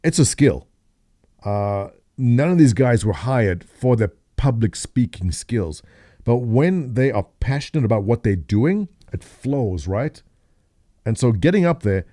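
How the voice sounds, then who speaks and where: Mellow-voiced man chatting on a livestream. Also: mid-range voice, dry recording, studio quality. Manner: chatty, laughs often, thinks aloud. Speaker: livestream host reacting to a video. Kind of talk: casual livestream commentary.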